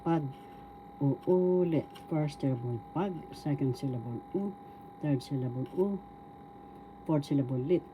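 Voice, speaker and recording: A middle-aged woman teaching a language slowly and patiently, breaking words into syllables, her voice still low and husky from a cold. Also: lively intonation, background noise. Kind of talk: slow spoken language lesson. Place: at home indoors, diffuser running.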